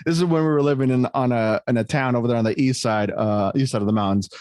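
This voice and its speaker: A young man co-hosting a podcast, telling a story in casual chat, animated and full of swearing. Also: mid-range voice, quick pace, dry recording. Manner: animated, heavy swearing, laughs between lines. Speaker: podcast co-host.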